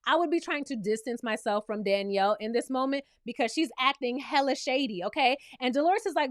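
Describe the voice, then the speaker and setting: A woman recapping and reviewing a reality TV episode in a sassy, animated way, talking straight to the viewer. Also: high-pitched, fairly quick, few pauses, no room sound, studio quality.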